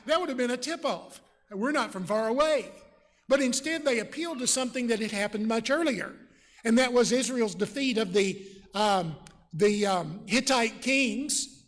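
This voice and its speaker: A male preacher, giving a measured, explanatory Bible sermon in a church. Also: extremely high pitch, fairly bright tone. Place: church sanctuary. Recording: long church reverb.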